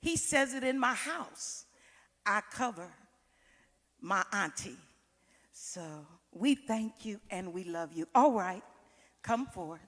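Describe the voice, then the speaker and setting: A woman's voice: medium pitch, expressive, slow, a bit bright. Church lady emceeing the program, takes her time, big echoey sanctuary. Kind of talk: church event announcements. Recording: long hall reverb.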